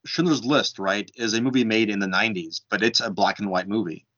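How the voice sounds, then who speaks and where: A man with a fairly low voice talking through his thoughts in a casual book chat. He explains in an animated way and leans on filler words like "like". The sound is muffled and lo-fi. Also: a little fast. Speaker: discussion participant. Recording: dull lo-fi sound.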